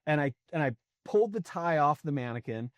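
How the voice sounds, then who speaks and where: A man's voice: fairly high pitch, animated, brisk, no room sound. A man in his forties, a podcast guest, telling a story in a chatty way, laughing often and using lots of fillers. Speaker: podcast guest, sales coach. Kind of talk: casual storytelling conversation.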